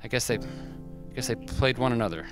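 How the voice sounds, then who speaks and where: A man from the US West Coast hosting a restaurant livestream, reading fan mail in a halting, rambling, self-deprecating way with many fillers. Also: mid-range voice, over music. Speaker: livestream host.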